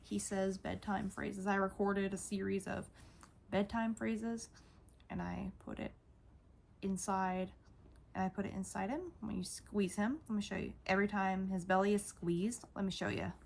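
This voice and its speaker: A woman's voice: medium pitch, flat delivery, normal speed, creaky, a little mellow, slight background noise. A woman vlogger showing off her toys in a casual, gushing way, often repeating herself. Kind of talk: casual toy show-and-tell.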